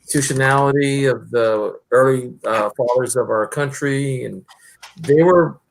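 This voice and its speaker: American guy rambling along slow and halting, gravelly fry in his voice. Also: mid-range voice. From United States. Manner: meandering, halting with many uhs. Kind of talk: casual chat.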